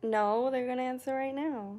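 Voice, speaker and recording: A woman casually chatting on a live stream, reading viewer comments aloud and often clearing her throat. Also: high-pitched, steady tone, moderate pace, a little mellow, a little hiss or hum. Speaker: vlogger hosting a live stream.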